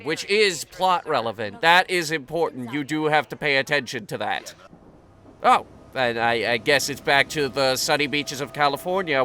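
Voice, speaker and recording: A man's voice: on the high side, bright, forceful tone, slight background noise. A man hosting a comedic movie review, ranting sarcastically and swearing freely.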